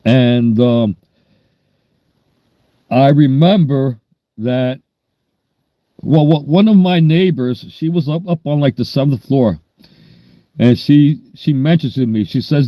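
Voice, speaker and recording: A man's voice: mid-range voice, slow pace, long pauses, no echo, highs cut off. A man in his sixties with a New York accent, telling stories in a rambling, down-to-earth way during a casual livestream. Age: 60s. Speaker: livestream host.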